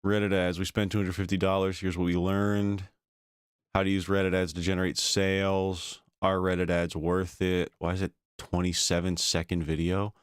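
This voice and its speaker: A man's voice: deep voice, level tone, normal speed, smooth, dry recording, clean studio sound. A man streaming, reacting to online videos with casual, sarcastic commentary and frequent swearing.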